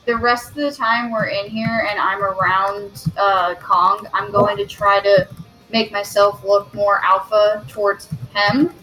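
A woman's voice: mid-range voice, fairly even intonation, a little slow, pushed and bright, soft background music, low-quality recording. A woman player describing her character's actions in a tabletop game, in a playful manner. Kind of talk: tabletop role-play, playing a dog.

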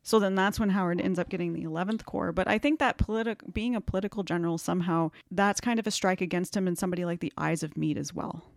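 Woman, lowish voice, casual, filler words, dry close sound. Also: fast, few pauses, no room sound. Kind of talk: casual history discussion.

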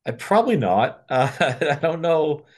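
A man's voice: fairly high pitch, sing-song, unhurried. A man with a Boston accent, a podcast guest giving candid, rambling answers in casual chat.

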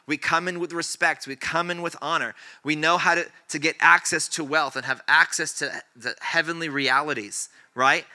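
A man preaching a sermon as pastor, exhorting the congregation with repeated phrases and rising emphatic passages. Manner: builds to loud, high-pitched emphatic preaching; repetitive, exhortative phrasing with restarts.

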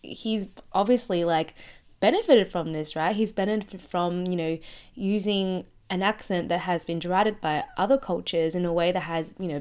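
A woman's voice: lowish voice, clear, resonant tone. A woman co-hosting a casual podcast discussion, reasoning through her view with frequent "you know" and "like". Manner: reflective, filler-heavy with many "you know" and "like". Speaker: podcast co-host.

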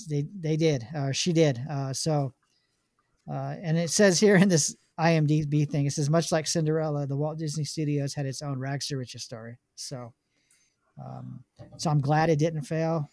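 A man's voice: fairly high pitch, fairly even intonation, moderate pace, a little mellow, no echo. A man hosting a casual podcast chat, reading film notes aloud with many ums and restarts. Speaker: podcast host.

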